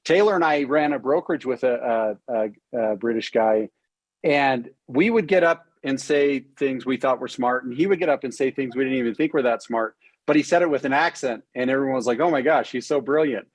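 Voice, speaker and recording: A man hosting an interview over a video call from a cabin, talking with eager, excited energy and plenty of restarts. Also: medium pitch, brisk, no echo, rough recording. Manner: enthusiastic, with frequent restarts and fillers. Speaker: podcast host. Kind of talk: casual interview chat. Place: cabin home in Utah.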